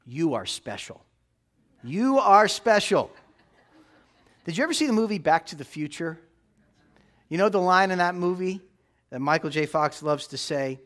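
A man's voice: fairly high pitch, a bit bright. A man preaching a sermon, emphatic, with a voice that rises and drops for effect. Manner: emphatic preaching with rising and dropping delivery. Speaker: pastor.

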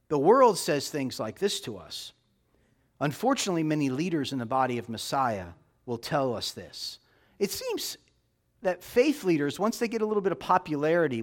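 A man's voice: high voice, fairly bright tone. A man preaching a sermon, emphatic, with a voice that rises and drops for effect. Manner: emphatic preaching with rising and dropping delivery. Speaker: pastor.

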